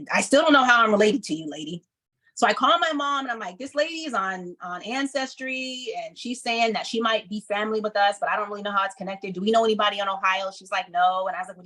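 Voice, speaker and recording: A woman in her thirties telling a personal story to an audience, acting out the people she quotes with lively emphasis. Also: medium pitch, poor audio. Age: 30s. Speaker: speaker.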